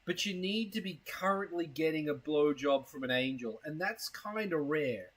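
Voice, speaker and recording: A male live streamer with a husky, slightly raised voice chats in a loose, rambling way. He swears casually, mocks himself, and keeps getting hiccups. His talk is relaxed and unscripted, aimed straight at his viewers. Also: on the high side, moderate pace, poor audio. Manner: rambling, crude and self-mocking. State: has hiccups.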